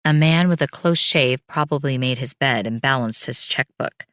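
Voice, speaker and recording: A woman reading as a blunt husband who preaches discipline in firm, certain terms. The read is low-pitched and dry, close to the mic. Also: moderate pace, smooth, dry recording.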